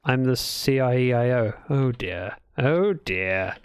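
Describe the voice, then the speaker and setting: A man's voice: mid-range voice, unhurried, clean tone, dry recording. A man chatting casually while livestreaming a building game, playfully telling dad jokes to his chat.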